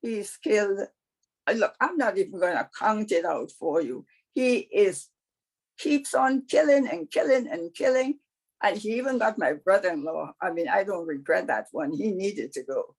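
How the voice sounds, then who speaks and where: A woman's voice: mid-range voice, animated, normal speed, vocal fry, a little mellow, husky, rough recording. Woman doing a sweet-talking male rabbit. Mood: complaining. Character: flattering talkative male rabbit.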